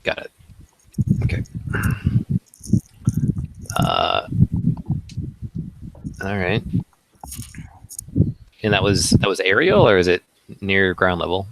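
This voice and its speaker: A man playing a tabletop game, asking slow, hesitant questions. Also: sits low, big pitch swings, creaky, a bit bright, rough recording. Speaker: player. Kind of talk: casual tabletop play.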